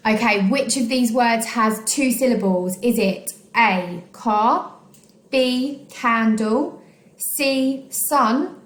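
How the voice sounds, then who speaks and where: A woman teaching a recorded online phonics lesson, slowly sounding out each syllable of words for young pupils. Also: mid-range voice, reverberant. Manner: slow, clearly sounding out syllables. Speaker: primary school teacher.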